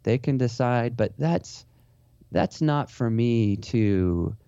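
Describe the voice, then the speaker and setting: A man answers interview questions in a reflective, rambling way, often restarting his sentences. His voice is dark and mellow. The recording is dry and a little dull. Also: medium pitch, expressive, takes it slowly, smooth, no echo. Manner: rambling, earnest, many restarts. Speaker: portrait photographer and author.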